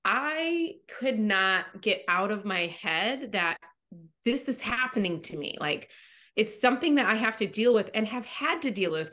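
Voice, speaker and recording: A woman's voice: a little high, fairly bright tone. Woman on a wellness podcast, real candid chat, gets worked up quoting herself. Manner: frank and emotional, quoting herself dramatically. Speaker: podcast co-host.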